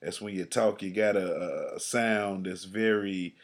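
A man's voice: low-pitched, steady tone, a little slow. A man co-hosting a casual comedy podcast, talking loosely and profanely, laughing often and stammering into his points. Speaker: podcast co-host.

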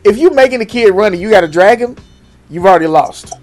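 A man chatting casually in an animated, incredulous way, swearing freely. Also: high voice, fast, soft background music. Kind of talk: casual chat.

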